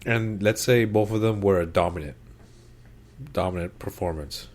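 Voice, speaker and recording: A man co-hosting a sports podcast, chatty and excitable, calling his co-host "bro" and "dude.". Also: low voice, normal speed. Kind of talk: casual sports chat.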